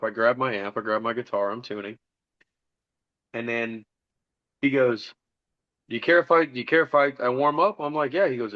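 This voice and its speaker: A man's voice: medium pitch, muffled recording. A middle-aged man telling a rambling, profane story about his band and acting out the dialogue in a casual podcast interview. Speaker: podcast guest, musician.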